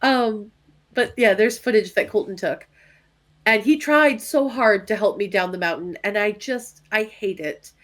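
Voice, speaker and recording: A woman's voice: medium pitch, a little slow. Self-mocking woman podcast co-host. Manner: self-deprecating, joking storyteller. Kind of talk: casual chat. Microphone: headphones on, home recording.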